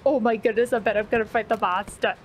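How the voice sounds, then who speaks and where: A woman commenting on her gameplay, gasping often and repeating excited exclamations. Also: on the high side, fast, slight background noise. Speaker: let's play gamer. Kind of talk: let's play commentary. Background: game music.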